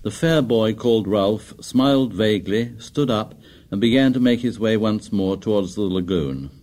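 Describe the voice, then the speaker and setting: A man narrating an audiobook in a measured, descriptive way. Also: lowish voice, expressive, a little mellow.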